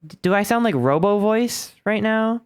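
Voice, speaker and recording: A man's voice: high-pitched, lively intonation, moderate pace, smooth, no echo, studio quality. A young man streaming from home into a desk microphone, rambling and joking about himself with lots of restarts. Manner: rambling, chatty, self-deprecating, with many restarts. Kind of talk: casual live-stream chat. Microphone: desk microphone through an audio interface.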